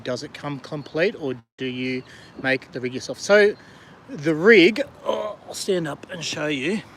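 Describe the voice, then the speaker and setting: A middle-aged man with an Australian accent talks in a loose, friendly live-stream ramble, full of ums and asides to viewers. His voice sits a little high for a man. It is recorded outdoors on a river, with faint outdoor sound behind him. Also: slight background noise. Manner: chatty, rambling, friendly, many fillers. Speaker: vlogger and diver. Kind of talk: casual live-stream chat, reading viewer comments. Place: outdoors on a river kayak in the rain.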